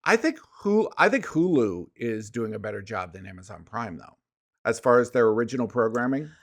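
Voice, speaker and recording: A laid-back man talking films with his co-host, often agreeing with quick fillers along the way. His voice sits at an ordinary pitch for a man. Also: very animated. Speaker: podcast co-host. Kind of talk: casual chat about movies.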